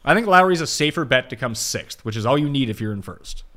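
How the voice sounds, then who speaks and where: A man's voice: mid-range voice, expressive, quick pace, pushed and bright. A man co-hosting a casual podcast chat about golf betting, reading listener questions and teasing with casual swearing.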